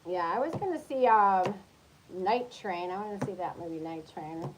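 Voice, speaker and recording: A woman reads tarot for the zodiac signs in a loose, talkative way, giving advice like a coach. Her voice sits in a middle pitch, and she keeps checking that her listeners are with her. A faint hiss sits under the voice. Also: moderate pace. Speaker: tarot reader.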